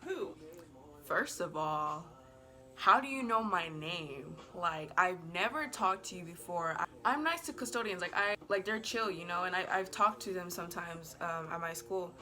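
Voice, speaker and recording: A woman vlogger does a casual storytime to camera, chatty and rambling, saying "like" constantly, bubbly and giggly, and playfully apologizing. Her voice is fairly low with lively intonation, moving at a normal speed with a bright, forceful tone.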